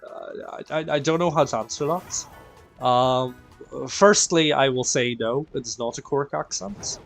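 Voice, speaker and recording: Soft music plays behind a tired male streamer from Northern Ireland who hosts a raid in relaxed live-stream chat. His mixed Northern Irish voice sits at a middle pitch and stays unhurried. Chatty and self-deprecating, he greets viewers by name while sounding quieter than usual.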